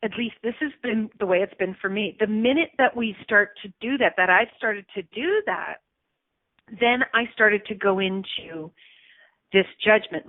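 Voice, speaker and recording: A woman's voice: mid-range voice, normal speed, no room sound, phone-quality sound. A woman hosting a self-help radio show, talking expressively and acting out anxious inner voices.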